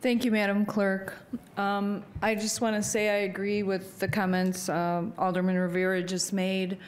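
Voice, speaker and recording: A woman serving as alderman, explaining her position to the council in a clear, measured way. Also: medium pitch, little pitch movement. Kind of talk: council meeting remarks. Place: council chamber.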